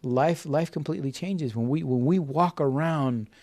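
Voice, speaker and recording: A man's voice: on the high side, moderate pace, dark tone. A man in his fifties, a podcast guest, telling a story in an earnest, heartfelt way with frequent restarts and repeated words. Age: 50s. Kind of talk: conversational interview storytelling.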